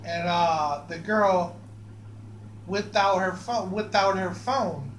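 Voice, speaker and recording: A man's voice: sits high, slow. A man telling a rambling personal story, profane and stammering, with many restarts. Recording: echoey room with faint hum.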